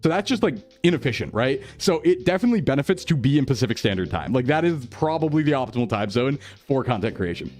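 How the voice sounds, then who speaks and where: A man's voice: quick pace, few pauses, faint music behind. Upbeat chatty streamer man from New England. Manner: upbeat and chatty, jumps into high excited thanks, laughs easily. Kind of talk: casual live-stream chat, reading chat aloud.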